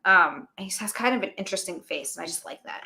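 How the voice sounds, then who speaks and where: A woman co-hosting a casual stream chat, relaxed and chatty, laughing along. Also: medium pitch, quick pace. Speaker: co-host.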